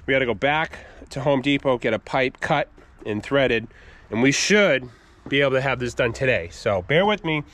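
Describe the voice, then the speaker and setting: A man's voice: medium pitch, a bit bright. A man hosting a homestead channel, talking outdoors through a casual do-it-yourself how-to and explaining each step with frequent ums. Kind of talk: casual DIY how-to vlog. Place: outdoors by a wood boiler after snowfall.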